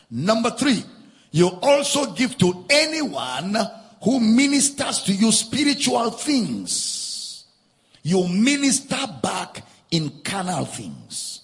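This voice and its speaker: A man's voice: very high-pitched, fairly bright tone, long reverb tail. A man preaching a sermon as a pastor, driving his points home with repetition and sing-song emphasis.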